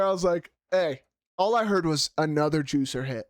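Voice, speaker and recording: Man, fight podcast co-host, animated and profane, slightly high voice, dry close sound. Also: a little fast, dry recording. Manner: animated, swears freely, laughs loudly. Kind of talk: casual MMA fight recap.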